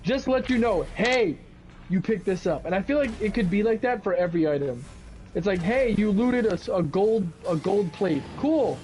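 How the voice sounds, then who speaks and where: A young man chatting casually while playing a game, animated and swearing freely, jumping into high mock outbursts when he quotes himself. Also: normal speed. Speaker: co-host of a gaming video. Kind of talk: casual gaming chat.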